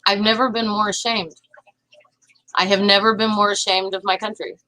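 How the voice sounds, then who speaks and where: A woman's voice: mid-range voice, flat delivery, moderate pace, bright, forceful tone, no echo, rough recording. A woman, giving impassioned political commentary in a vlog, indignant and often restarting her sentences. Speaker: vlogger.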